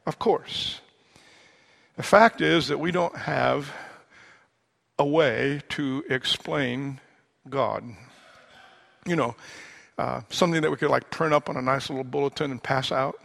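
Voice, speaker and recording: A man's voice: medium pitch, unhurried, gravelly, long pauses, fairly bright tone. A man preaching a sermon as a pastor, conversational and wry, dropping humorous asides between serious points.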